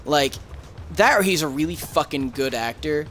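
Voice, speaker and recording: A man's voice: on the high side, expressive, moderate pace, fairly bright tone, slight background noise. A young man chatting casually while streaming a game, telling a rambling story with frequent laughs and swearing. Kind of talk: casual gaming chat.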